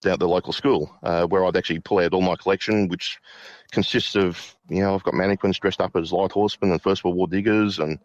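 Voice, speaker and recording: A middle-aged man recounting a personal ghost story, halting with many restarts and fillers. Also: low-pitched, steady tone, no echo, muffled recording. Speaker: guest.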